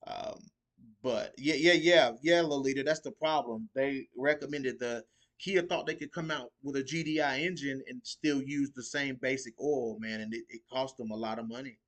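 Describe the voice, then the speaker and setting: A man's voice: medium pitch, moderate pace, a bit bright. Laid-back man hosting a slangy podcast. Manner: laid-back slangy talk, laughs often. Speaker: podcast host. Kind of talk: casual podcast chat.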